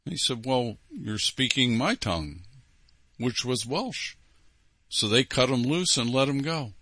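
A man's voice: medium pitch, pushed and bright, dry recording. A man hosting a program, reading listener letters aloud and commenting on them with emphatic repetition. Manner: emphatic, repeats key phrases.

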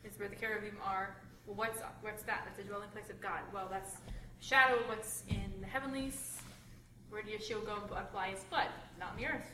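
A woman's voice: medium pitch, steady tone, a little fast, pushed and bright. Woman explaining scripture in an echoey room. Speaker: Bible study participant. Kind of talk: group discussion. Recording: roomy, distant mic with noise.

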